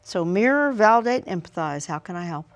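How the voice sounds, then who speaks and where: A woman's voice: fairly low pitch, animated, a little fast. A middle-aged woman, a relationship expert being interviewed, talking conversationally and acting out both sides of remembered dialogues. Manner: acts out both sides of dialogues when telling stories.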